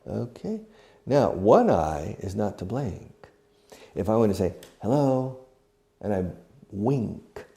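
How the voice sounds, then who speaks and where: Gravelly, slow-talking male English teacher. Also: lowish voice, mellow. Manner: acts out each verb while explaining, mixes in Spanish glosses. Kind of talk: slow demonstrative language lesson.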